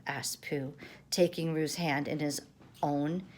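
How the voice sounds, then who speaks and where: An older woman, a grandmother, reading a children's storybook aloud with gentle, expressive delivery. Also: deep voice, takes it slowly, a little hiss or hum. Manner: gentle expressive read-aloud, varied intonation.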